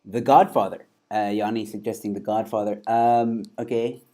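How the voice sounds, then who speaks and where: A man's voice: lowish voice, level tone, normal speed, warm tone. A man hosting a comedy show, reading viewer suggestions and laughing a lot. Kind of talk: casual comedy chat.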